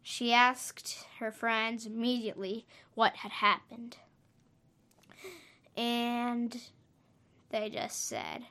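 A woman with a fairly high voice tells a story at an unhurried pace. She rambles, stops mid-thought and corrects herself as she goes, in a loose, unscripted way. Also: a bit bright. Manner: hesitant, trails off and corrects herself often. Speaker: podcast storyteller.

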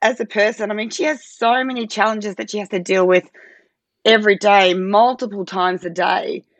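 A woman in her thirties from Australia appears as a guest on an interview podcast, speaking as a parent advocate in casual conversation. She explains things earnestly, sprinkling in plenty of "you know"s and "I suppose"s. Her mid-range voice has fairly even intonation and a moderate pace, with no room sound.

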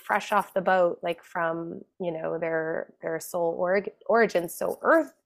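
A woman in her thirties with a fairly low voice and a gravelly rasp at the bottom of it. She talks as a podcast guest in a loose, chatty way, full of "like" and "you know." She laughs through her stories. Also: fairly even intonation, unhurried. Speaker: guest, mindset coach. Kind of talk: casual podcast conversation.

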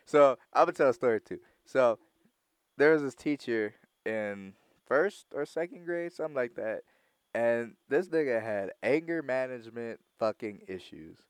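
A young man tells a rambling, profane story in casual chat, switching to acted voices as he goes. His voice is smooth and clear, recorded dry and close with no room sound. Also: mid-range voice, a little slow, no room sound. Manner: animated, profane, laughing storyteller.

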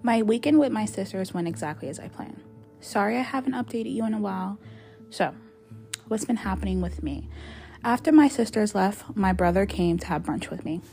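A woman reads a fictional journal aloud in a chatty, sassy, confiding way. Her voice sits at a middle pitch. Faint music plays behind her. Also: moderate pace, creaky, warm tone. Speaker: narrator. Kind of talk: dramatic reading of a fictional journal.

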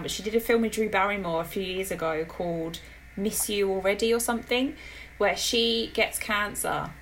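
A woman from Britain co-hosting a podcast in casual, animated chat. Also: mid-range voice, gravelly, a little hiss or hum, low-quality recording. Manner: chatty, animated, laughs easily. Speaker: podcast co-host.

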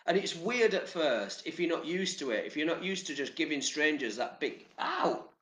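A man's voice: on the high side, animated, normal speed, fairly bright tone, echoey room. An English man giving casual motivational talk to camera, chatty and rambling, with casual swearing. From England. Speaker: vlogger.

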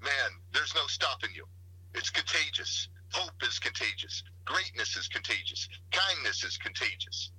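A man's voice: medium pitch, lively intonation, normal speed, bright, forceful tone, slightly rough, dry recording, rough recording. A man giving a motivational talk as a podcast guest, preaching in rhythmic slogans and wordplay. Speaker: guest speaker.

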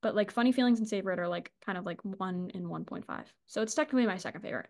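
A woman's voice: medium pitch, very fast, vocal fry, darkish tone. A woman co-hosting a casual book podcast, gushing and chatty, swearing and laughing as she talks. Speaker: podcast co-host.

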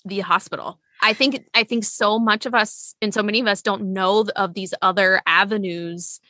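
A woman's voice: medium pitch, fairly even intonation, moderate pace, bright, forceful tone, no room sound. A woman in her thirties, a nurse, chatting candidly in an interview with plenty of fillers and self-corrections. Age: 30s. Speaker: nurse and clinical educator, guest. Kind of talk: casual interview chat.

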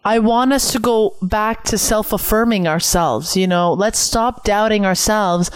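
A woman's voice: mid-range voice, unhurried, few pauses, smooth, dry recording. A young woman from Canada hosting her own podcast at home, talking earnestly and reflectively, repeating phrases for emphasis. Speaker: podcast host. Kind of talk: solo podcast talk. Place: home room, window open.

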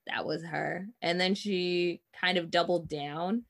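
A woman's voice: lowish voice, steady tone, slow, gravelly. A woman co-hosting a podcast, retelling a story in a blunt, sarcastic way. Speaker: podcast co-host. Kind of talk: casual podcast chat.

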